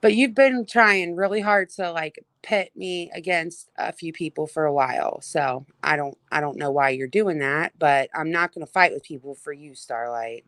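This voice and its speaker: Bright-voiced woman venting on a livestream. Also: sits low, moderate pace, few pauses, no room sound, low-quality recording. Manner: exasperated, profane, frequent fillers and restarts. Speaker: livestream host. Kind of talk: casual livestream rant, greeting viewers. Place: outdoors.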